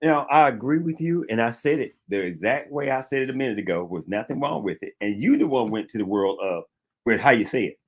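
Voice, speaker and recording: A man's voice: mid-range voice, animated, brisk, husky. A man on a talk show panel, insisting on his point and pushing back in a casual debate.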